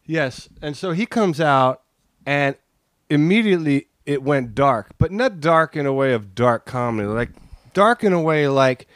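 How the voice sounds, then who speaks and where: A man's voice: on the high side, unhurried, no room sound, studio quality. A man telling a long personal story as a guest on a podcast, acting out the lines he quotes. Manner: animated, acts out quoted lines. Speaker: interview guest. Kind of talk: casual storytelling in a podcast interview.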